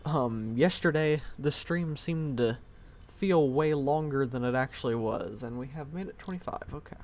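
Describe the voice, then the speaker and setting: A man's voice: mid-range voice, moderate pace, a little mellow. A man streaming a game live from home on a headset mic, thinking aloud in a rambling, self-deprecating way. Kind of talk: casual live-stream commentary.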